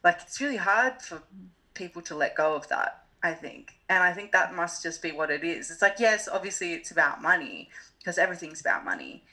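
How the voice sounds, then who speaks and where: A young woman co-hosting a podcast, chatting in a relaxed way and thinking aloud with lots of "like". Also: lowish voice, fairly quick, low-quality recording. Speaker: podcast co-host. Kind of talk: casual chat about reality TV.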